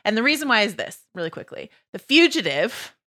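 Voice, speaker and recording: A woman co-hosting a podcast debate, talking in a quick, chatty, amused way. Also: fairly high pitch, very animated, sharp tone. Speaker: podcast co-host. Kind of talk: casual chat.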